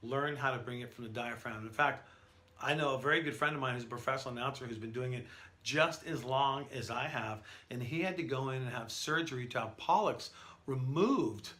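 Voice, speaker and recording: Brief: male pro announcer, instructor, chatty storyteller, bright and forceful tone. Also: medium pitch, a little fast. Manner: energetic, conversational, storytelling. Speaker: professional event announcer and instructor. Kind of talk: instructional talk to camera.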